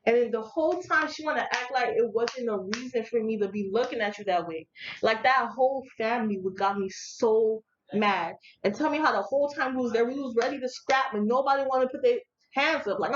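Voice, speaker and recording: A young woman vlogger telling a story in casual, slangy speech, animated and laughing along as she talks. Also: on the high side, a little fast. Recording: echoey room, dull lo-fi audio, faint noise.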